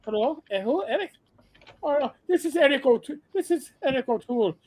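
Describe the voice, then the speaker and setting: A man's voice: extremely high pitch, lively intonation, a little fast, darkish tone, dry recording, pitched above the performer's own voice. A man doing a mock as a bawdy answering-machine host, theatrical and announcer-like. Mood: mock-serious.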